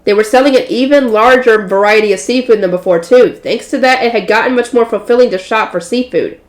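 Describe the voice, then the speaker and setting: A woman's voice: on the high side, a little fast. A tired woman reading a light novel aloud in a casual way, correcting slips and adding chatty asides. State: tired and yawning. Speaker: audiobook reader. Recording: roomy echo.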